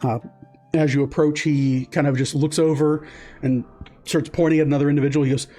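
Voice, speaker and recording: A man's voice: on the high side, little pitch movement, brisk, dark tone, faint music behind. A man narrating as game master of a tabletop game, casual with lots of fillers and restarts.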